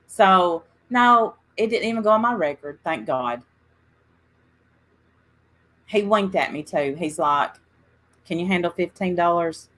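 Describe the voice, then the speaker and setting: A chatty woman hosting a casual livestream. Her voice is bright and forward. She tells rambling stories and talks straight to the people in her chat. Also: lowish voice, expressive, unhurried, pauses often. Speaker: livestream host.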